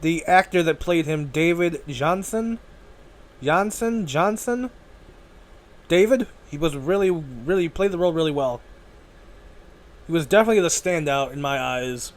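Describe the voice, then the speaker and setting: Man, podcast host, casual rambling talk, slightly high voice, slow unhurried pace. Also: expressive. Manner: rambling, self-correcting, swears casually.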